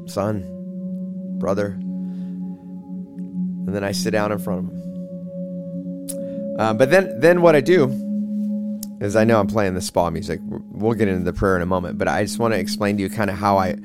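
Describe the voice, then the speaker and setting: A man teaching a guided prayer method in a relaxed, halting way, with slow, drawn-out readings. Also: lowish voice. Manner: relaxed, halting, with many fillers and restarts. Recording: spa music playing behind. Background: soft spa music.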